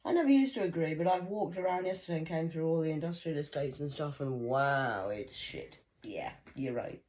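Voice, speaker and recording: A woman vlogger talks straight to her viewers in a loose, rambling monologue, cursing freely. Her pitch swings widely up and down as she goes, and she smokes while she speaks. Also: lively intonation, normal speed, a little mellow. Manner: swears freely, blunt and rambling.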